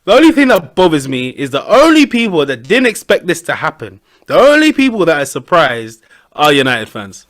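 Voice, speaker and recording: A young man, chatting casually as a podcast co-host, animated and full of slang. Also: fairly high pitch, brisk. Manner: animated, slangy banter with laughs. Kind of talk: casual chat.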